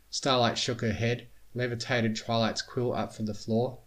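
A man reading a storybook tale aloud in a steady, measured way. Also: medium pitch. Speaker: reader. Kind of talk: storybook narration of fan fiction.

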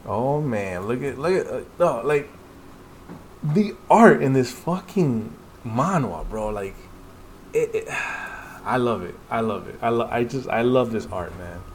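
A man hosting a casual read-along, excitedly reacting to a comic he loves. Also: medium pitch, a little slow, slight background noise. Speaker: podcast host reading a comic aloud.

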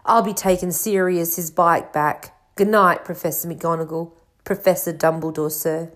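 A woman's voice: fairly low pitch, steady tone, moderate pace, a bit bright, close to an everyday voice. A woman voicing a huge, shaggy male half-giant who sobs and stammers in a storybook reading. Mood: muffled. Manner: sobbing, stammering.

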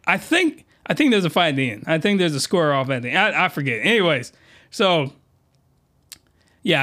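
A man hosting a comedy podcast, reviewing a comic in a slangy, rambling monologue with sudden shouted outbursts. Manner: animated, jumps into high-pitched shouted outbursts; slangy, rambling, with many restarts.

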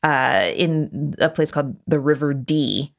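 A woman's voice: deep voice, expressive, measured pace, gravelly. A woman co-hosting a podcast, explaining a science topic in casual chat. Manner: explains facts, many fillers and restarts. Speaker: podcast co-host.

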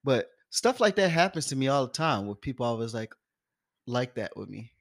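Young guy on a podcast spinning a crazy story, middle pitch, jumps into other people's voices and laughs a lot. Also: moderate pace. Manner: animated, acts out quoted voices, laughs often. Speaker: podcast co-host. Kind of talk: casual storytelling.

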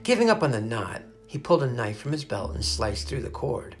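A man reading a children's adventure chapter aloud, expressive and dramatic. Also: medium pitch, fairly quick, soft background music. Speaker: narrator. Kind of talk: storybook reading.

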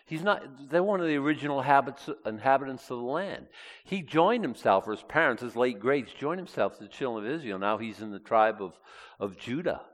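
A man preaching a sermon, reading scripture aloud and swinging between loud and hushed delivery. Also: mid-range voice, lively intonation, brisk.

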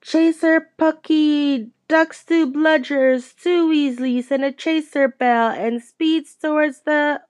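Excited young guy commentating a match, pitched way up, woman reading it. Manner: rapid, breathless play-by-play calling.

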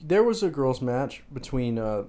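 A man's voice: mid-range voice, big pitch swings, unhurried, dark tone. A man co-hosting a podcast, talking in blunt, rambling, crude banter. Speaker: podcast co-host.

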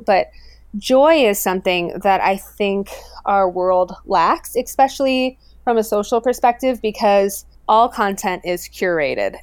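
A woman chats in a casual interview, earnest and eager, circling back with "you know" and restarts. Her voice is clear and smooth. It sits close and dry on the mic, with little room sound. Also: mid-range voice, no echo. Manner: earnest, enthusiastic, with frequent fillers and restarts. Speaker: guest, owner of a popular pet account.

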